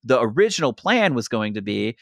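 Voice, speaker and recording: Young guy podcast host, excited storytelling, lots of "like", dry close sound. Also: mid-range voice, a little fast, gravelly, no echo. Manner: animated retelling, heavy use of "like". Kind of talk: casual storytelling chat.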